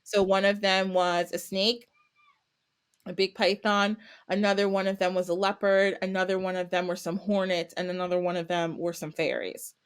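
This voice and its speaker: On a podcast, a woman guest casually tells a folktale in a clear, resonant, medium-pitched voice at a moderate pace. She's animated, acting out the characters' lines with little voices and laughter.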